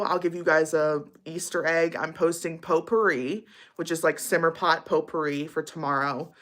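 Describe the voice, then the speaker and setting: A woman's voice: sits low, fairly bright tone. A young woman casually chatting with viewers on her livestream, bubbly and giggly, with lots of likes and ums. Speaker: livestream host.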